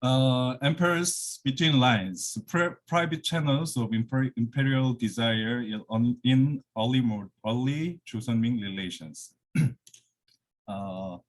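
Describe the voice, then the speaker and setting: A medium-pitched male voice speaks at a slow pace, lecturing academically over a video call from his office. The guest lecturer, a native Korean speaker from Korea, is a little out of breath and restarts often, leaning on many fillers.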